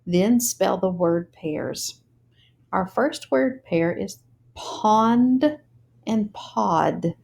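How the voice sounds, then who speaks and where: A woman teaching a phonics lesson, speaking slowly and deliberately and spelling words out letter by letter. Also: medium pitch, expressive, vocal fry, darkish tone.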